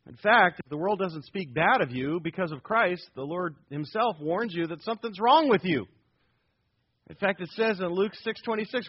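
A man's voice: high voice, animated, normal speed, breathy edge. A man preaching an evangelical sermon, emphatic, with big swings in volume and playful asides. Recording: dull lo-fi recording.

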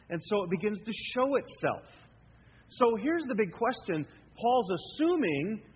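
High-voiced pastor preaching in a hall. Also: male voice. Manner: animated preaching, acts out listeners' inner voices. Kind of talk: sermon. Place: church hall. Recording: lo-fi hall recording with faint noise.

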